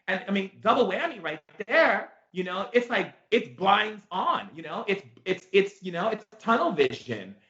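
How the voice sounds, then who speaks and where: A man teaching through a story, animated and emphatic, repeating himself and leaning on fillers. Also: high-pitched. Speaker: spiritual teacher, show host. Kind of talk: storytelling lesson. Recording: echoey room, dull sound.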